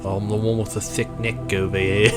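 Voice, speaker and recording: A man's voice: on the low side, level tone, moderate pace. A man chatting casually and joking while playing a video game. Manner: joking, jokey voices, laughs often. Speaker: game commentator. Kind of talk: casual let's-play chat. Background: game music.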